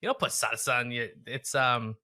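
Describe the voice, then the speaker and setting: A man's voice: medium pitch, normal speed, bright, forceful tone. A man co-hosting a casual podcast, teasing his co-host playfully and dropping Spanish words into his English. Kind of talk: casual chat. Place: home in the United States, on a video call.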